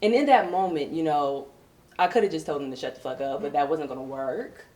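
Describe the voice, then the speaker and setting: A woman from Virginia with a Southern accent performing a brassy, animated stand-up comedy set. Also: a little fast, reverberant. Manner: brassy, animated, puts on high posh voices for coworkers.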